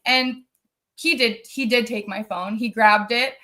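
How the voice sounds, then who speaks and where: A woman's voice: on the high side, steady tone, measured pace, pushed and bright. Earnest woman telling her story. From United States. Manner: earnest, emotional, circling back over details. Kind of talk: personal storytelling on a live stream.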